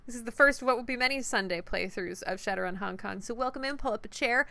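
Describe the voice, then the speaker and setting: A woman's voice: on the high side, fast talker, vocal fry, hardly any pauses, dry recording. A woman streaming a video game, reading its text aloud and chatting playfully with her viewers. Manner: animated and playful.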